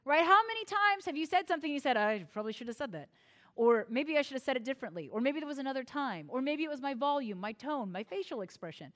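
A woman pastor preaching a sermon from the United States, expressive and playful, with self-deprecating humor and acted-out quotes. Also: high-pitched, fast.

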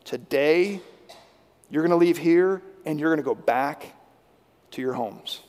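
A man with a high voice preaches a sermon, rising to loud emphasis and then dropping to a hushed, intense delivery. His voice rings through a large hall with a long reverb tail. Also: unhurried. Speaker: pastor.

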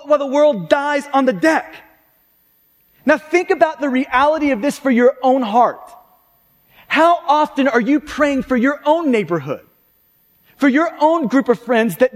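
A man's voice: extremely high pitch, long reverb tail. A man preaching a sermon in a conversational way, often asking "right?" and restarting sentences. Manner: conversational, frequent tag questions and restarts. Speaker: pastor.

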